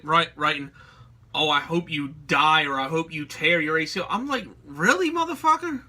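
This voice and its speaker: Man, young adult, angry ranting vlogger, cursing constantly, piercing bright tone. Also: sits high. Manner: heated, swearing, slangy. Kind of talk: profane ranting commentary.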